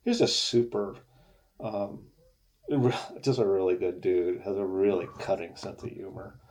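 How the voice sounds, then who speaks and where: A man as an interview guest, telling stories in a relaxed, rambling way and laughing often. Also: sits low, measured pace. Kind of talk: casual storytelling.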